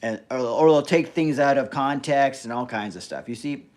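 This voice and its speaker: A man hosting a casual live stream, talking bluntly in an animated rant that is full of swearing. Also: mid-range voice, moderate pace. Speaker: livestream host.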